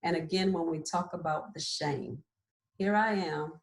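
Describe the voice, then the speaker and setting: Woman nurse practitioner, 40s, low voice, kinda echoey, says "right?" a lot. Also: unhurried. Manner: earnest, explains with frequent "right?" and "like". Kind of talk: candid personal storytelling. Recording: roomy echo.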